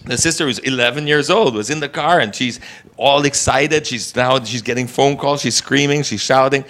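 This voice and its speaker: A man hosting a podcast, casually telling a story in an animated way and acting out the people in it. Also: mid-range voice, moderate pace, slight background noise. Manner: animated, acts out the people in his stories. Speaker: podcast host.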